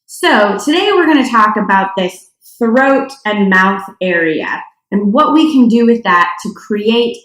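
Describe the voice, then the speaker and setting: A woman's voice: mid-range voice, expressive, unhurried, hardly any pauses, a bit bright. A young adult woman from North Dakota teaching a singing lesson, chatty, with demonstration sounds. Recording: echoey room.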